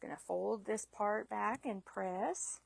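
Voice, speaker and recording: A woman's voice: medium pitch, slow, vocal fry, slight background noise. A woman teaching a live sewing demonstration, chatty and self-deprecating, laughing at her own mistakes. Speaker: sewing instructor.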